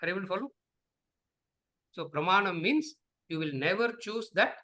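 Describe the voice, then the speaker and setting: Man, Vedanta teacher, lecture with questions and answers, high voice, repetitive rhetorical questions. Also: expressive, normal speed, pushed and bright, rough recording.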